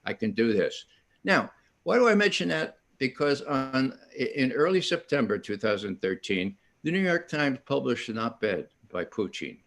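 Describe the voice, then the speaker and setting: An older man on a panel at an online event tells stories animatedly, restarting often and acting out quotes. His mid-range voice is sing-song, gravelly, and a bit bright, and he speaks at a moderate pace.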